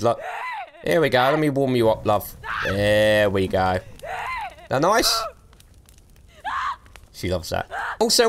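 A man's voice: mid-range voice, a bit bright. A young man giving let's play commentary, cheeky and taunting, laughing often. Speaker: gaming streamer.

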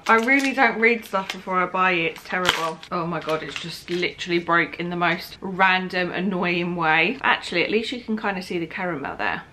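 A young woman with a bright, forceful voice talks through a snack taste test. She is tired and heavily pregnant, chatty and candid, and often speaks between bites. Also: mid-range voice, a little hiss or hum. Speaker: vlogger. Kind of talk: casual taste-test vlog.

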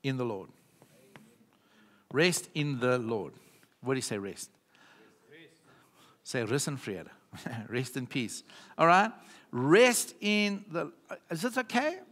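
A man's voice: mid-range voice, lively intonation, slow, pauses often, fairly bright tone. A man with a South African accent preaching a sermon as pastor, with emphatic repetitions, often checking in with the congregation. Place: church hall. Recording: reverberant church hall.

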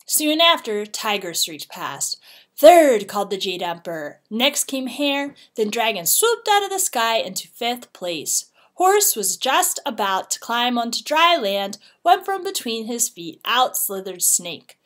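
A woman, a teacher, reading a children's storybook aloud with expressive, dramatic shifts in pitch and loudness. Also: unhurried, hardly any pauses.

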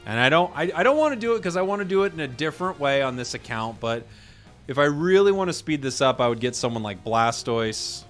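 A man hosting a gaming video, chatting casually about his matches and bursting into loud excitement at big plays. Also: on the high side, fairly quick, faint music behind. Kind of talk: casual gameplay commentary.

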